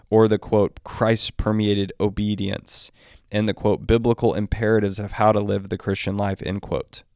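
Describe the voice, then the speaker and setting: A man's voice: lowish voice, a little mellow, clear, resonant tone, no echo, studio quality. A man giving a spoken commentary on a theology article. He reads long quotes and often restarts his sentences as he reasons aloud. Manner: deliberate, quotes text at length with restarts. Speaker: Christian commentator.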